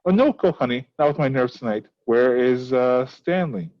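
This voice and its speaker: A man reading aloud the lines of a patient, caring younger sister from a script, in a plain, slow voice. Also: medium pitch, animated, no echo, dull audio, close to an everyday voice.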